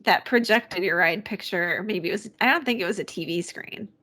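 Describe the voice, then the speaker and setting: A woman's voice: medium pitch, pushed and bright. A woman co-hosting a podcast in casual chat, chatty and often correcting herself. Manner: chatty, quick to laugh, self-correcting. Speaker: podcast co-host.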